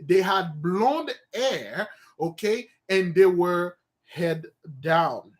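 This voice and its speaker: A man with a high voice leads an unhurried, informal study session. He talks his way through the text at a slow pace, thinking aloud and often stopping to correct himself. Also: lively intonation. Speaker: study host.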